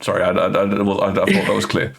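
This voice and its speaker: A man's voice: deep voice, completely flat delivery, quick pace, vocal fry. A man running a tabletop game as game master, often stammering and repeating words as he narrates and calls for rolls.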